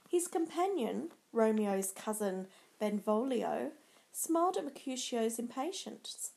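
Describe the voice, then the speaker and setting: Slow, measured woman storyteller. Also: on the high side, very animated, gravelly, a little mellow. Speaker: narrator. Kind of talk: storybook narration.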